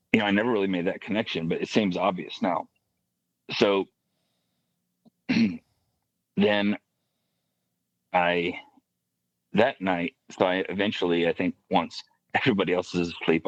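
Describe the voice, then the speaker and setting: Low-voiced man telling a reflective story. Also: no echo, highs cut off. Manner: halting, reflective, with many restarts and soft asides. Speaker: podcast guest. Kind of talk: personal faith story in casual podcast conversation.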